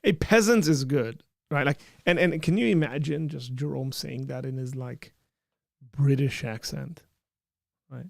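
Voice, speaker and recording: A man hosts a casual live stream and reads viewer comments aloud with a joking, easygoing manner. His voice sits at an ordinary pitch with a gravelly edge. The sound is dry and close. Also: a little slow, no echo. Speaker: streamer hosting a live chat.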